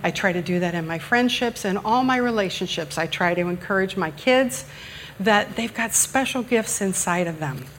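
A woman's voice: mid-range voice, moderate pace, a little hiss or hum. Chatty, joking woman preacher. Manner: humorous, self-deprecating, chatty with the congregation. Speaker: guest speaker preaching at church. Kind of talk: conversational sermon. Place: church sanctuary.

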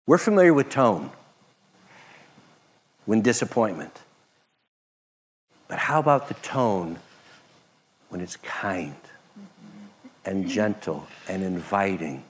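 Slow-speaking male preacher. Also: deep voice, breathy edge. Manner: expressive, swings between loud emphasis and soft near-whisper. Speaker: pastor. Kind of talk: sermon.

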